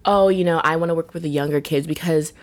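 Low-voiced young woman, chatty and animated. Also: fast. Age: young adult. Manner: chatty, animated storytelling with lots of "like". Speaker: podcast co-host. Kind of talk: casual chat.

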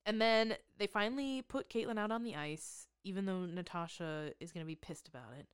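A woman co-hosting a podcast, talking through a movie plot in a casual, sarcastic way and swearing now and then. Her voice is smooth and clear, and the room sounds dry and close. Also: medium pitch, brisk, no room sound. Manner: sarcastic, swears, animated recapping. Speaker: podcast co-host. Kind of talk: casual movie recap chat.

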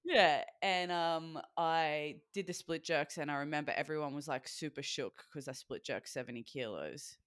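A woman's voice: low-pitched, moderate pace, few pauses, no echo, studio quality. A woman, casually telling stories on a podcast, swearing freely and acting out quotes. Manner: animated storyteller, swears freely, acts out quotes. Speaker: podcast co-host. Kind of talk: casual chat.

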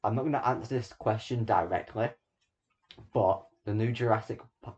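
A man's voice: on the low side, normal speed, darkish tone, dull audio. A teenage boy hosting a homemade podcast, talking bluntly and teasing his friend, with plenty of swearing. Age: teens. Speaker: podcast host. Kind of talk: casual chat. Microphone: small home microphone.

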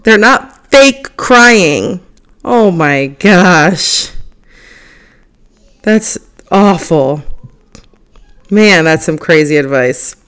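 A young woman with a low-pitched voice hosts a podcast by herself, chatting casually and reading forum posts aloud. She's animated and laughs often.

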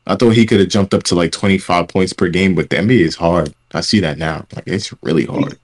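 Deep-voiced young man, blunt and casual. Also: quick pace. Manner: blunt, swears freely. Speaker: podcast co-host. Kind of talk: casual chat.

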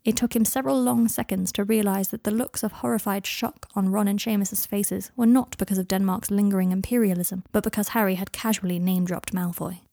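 A woman reading fan fiction aloud in a calm, even narrating voice. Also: medium pitch, brisk, vocal fry, few pauses, no echo. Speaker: reader.

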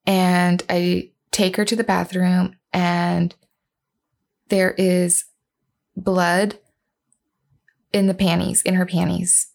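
Slow, gravelly-voiced mother telling a story. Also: fairly low pitch, level tone, a little mellow. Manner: earnest, retelling dialogue, with fillers and restarts. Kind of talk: personal storytelling.

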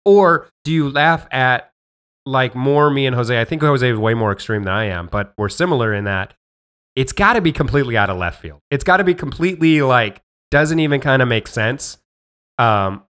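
A man co-hosting a podcast in loose, joking conversation. He rambles and backtracks mid-thought, with a notably bright, forward voice. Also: medium pitch. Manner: rambling, self-correcting, jokey. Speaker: podcast co-host. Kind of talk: casual chat.

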